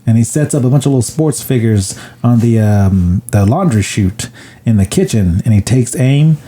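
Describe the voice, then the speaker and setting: Animated man recapping a movie. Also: moderate pace. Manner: retells scenes acting out lines in high voices. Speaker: podcast co-host.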